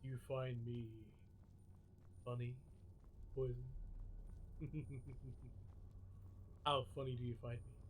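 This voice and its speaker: A deep, smooth male radio announcer, played by a man streaming a game, dropping his voice as low as it will go and stretching out each word in a manly drawl. It is a deliberate, exaggerated put-on. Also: monotone, a little hiss or hum, lightly acted. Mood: mock-serious.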